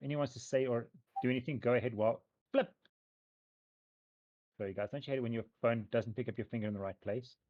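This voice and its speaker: A man running a tabletop game, talking the table through each scene in a loose, rambling way full of fillers. His voice sits at an ordinary middle pitch, and the recording sounds dull and lo-fi. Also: quick pace, long pauses. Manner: loose, hedging description with many fillers. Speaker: game master.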